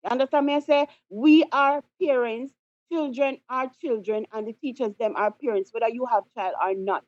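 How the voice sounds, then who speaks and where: A woman's voice: a little high, moderate pace, darkish tone. A woman calling in to a show, speaking passionately and indignantly because she is upset. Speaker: caller. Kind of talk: impassioned phone-in comments. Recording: dull lo-fi phone line.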